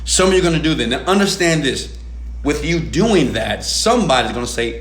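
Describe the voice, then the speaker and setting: A man giving a motivational rant, loud and profane, swinging between shouting and soft talk. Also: on the high side, expressive, brisk, reverberant, a little hiss or hum. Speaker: motivational speaker.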